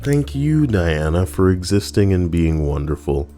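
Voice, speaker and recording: A man's voice: sits low, big pitch swings, a little slow, mellow, a little hiss or hum. A man casually reading online stories aloud on a live stream, swearing freely, laughing and breaking off to riff between lines.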